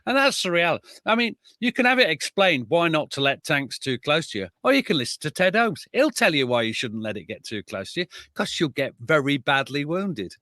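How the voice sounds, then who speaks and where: A male historian from Chesterfield tells his stories with real animation, his bright, slightly high voice leaping up and down in pitch. He talks conversationally and leans hard into emphasis. The sound is dry and close, with no room around it. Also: a little fast, few pauses, no room sound. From Chesterfield, England. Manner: lively, reads veterans' accounts aloud with emphasis. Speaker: military historian guest.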